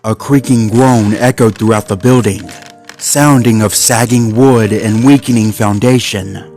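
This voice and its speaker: A man's voice: lowish voice, fairly even intonation, unhurried, darkish tone, soft background music. Man narrating a suspenseful story.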